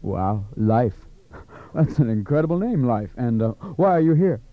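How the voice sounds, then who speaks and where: A man's voice: very animated, no room sound. A man improvising a joking mock radio ad as a playful announcer. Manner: playful, joking, goes fast and high as a fast-talk pitchman. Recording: tinny phone-like lo-fi tape.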